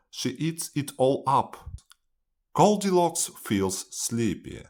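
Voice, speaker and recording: A man reading a children's storybook aloud in a clear, expressive manner. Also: mid-range voice, slow.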